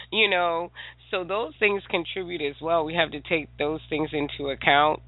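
A woman's voice: on the low side, fairly even intonation, a little slow, dry recording. A woman caller from South Carolina, chatting and laughing between her points. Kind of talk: call-in chat. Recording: tinny dry phone line.

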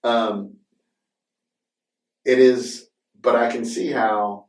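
A man's voice: mid-range voice, steady tone, extremely slow. A man hosting a podcast, chatting casually and rambling with many fillers and restarts. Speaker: podcast host. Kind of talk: casual conversation. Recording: roomy sound from a distant mic.

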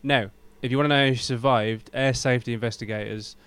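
A man's voice: medium pitch, steady tone, quick pace, a bit bright, clear, resonant tone. A man co-hosting a casual podcast chat, recounting facts with a few ums. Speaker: podcast co-host.

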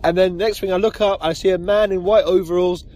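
A man's voice: high voice, steady tone, a little fast, a little mellow. A man co-hosting a casual podcast from inside a small tent, making dry, jokey asides. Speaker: podcast co-host. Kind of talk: casual chat.

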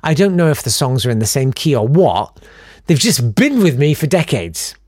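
A man's voice: medium pitch, sing-song, normal speed, darkish tone, dry recording. A man hosting a podcast in a casual chat, reading out listener emails with chatty, self-deprecating, rambling asides. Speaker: podcast host.

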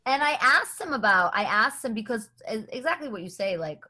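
Woman guest comic on a podcast, lively storytelling, voices other people, laughs a lot. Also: fairly high pitch, brisk. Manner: animated storytelling with quoted voices; laughs often. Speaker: guest comedian. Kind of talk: casual podcast chat.

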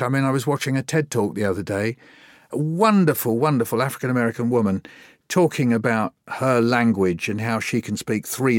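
Older male author, lively anecdotal storyteller, mid-pitched voice, dry sound. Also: dry recording. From Britain. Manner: lively anecdotal, acts out remembered dialogue. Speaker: guest, poet and children's author. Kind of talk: conversational storytelling interview.

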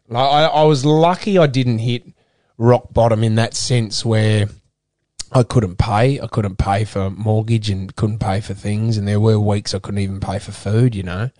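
A middle-aged Australian man, once a footballer and now a radio presenter, speaks candidly in an interview. He is earnest and halting, restarting often, with a mid-range, darkish voice. The studio sound is clean, with no echo.

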